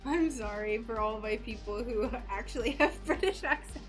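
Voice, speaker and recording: Bubbly woman craft streamer, high voice, unhurried delivery, soft music behind. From United States. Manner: bubbly and chatty, greets viewers warmly by name. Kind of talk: casual live-stream chat while painting glass.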